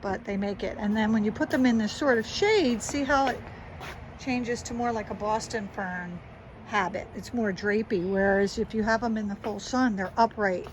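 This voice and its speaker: A chatty, enthusiastic woman with a South Jersey accent gives a casual walking tour of her suburban garden, pointing things out as she goes. Her voice is medium-pitched and moderately paced, with a noisy background behind her.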